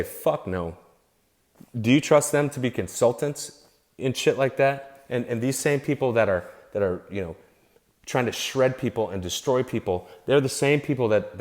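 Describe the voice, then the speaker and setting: A man ranting unscripted to his followers, heated and profane, repeating himself and restarting his phrases as he gets worked up. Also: medium pitch. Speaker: vlogger. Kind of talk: unscripted angry rant to camera.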